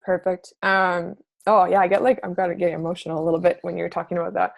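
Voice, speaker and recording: A woman's voice: on the low side, little pitch movement, quick pace, vocal fry, no room sound. A woman fitness coach talking to her team on a video call, casual and gushing, full of "like". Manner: casual and gushing, says "like" often.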